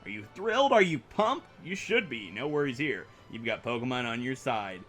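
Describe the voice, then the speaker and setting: A man's voice: medium pitch, sing-song, normal speed, a bit bright, faint music behind. A man voicing an overeager, hyped-up male gym guide from a video game, pushy and always fishing for agreement. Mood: pumped. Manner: pushy, keeps asking "right?".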